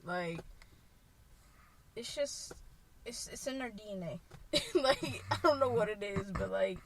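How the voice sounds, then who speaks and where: A young woman co-hosting a podcast, chatting casually and animatedly, swearing freely and acting out quotes in a loud voice. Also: medium pitch, expressive, measured pace, noisy background. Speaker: podcast co-host. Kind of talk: casual chat.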